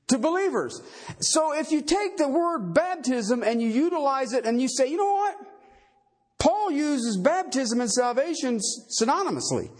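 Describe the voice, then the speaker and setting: A pastor preaches a sermon in a very high-pitched, slightly rough male voice. He is emphatic, quizzing his listeners with rhetorical questions and tagging his points with "okay" and "all right."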